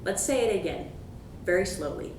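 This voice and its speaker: A woman giving a pronunciation lesson, patiently repeating words slowly for the listener to copy. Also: expressive, a little mellow. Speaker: language teacher. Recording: echoey room, distant mic, background rumble.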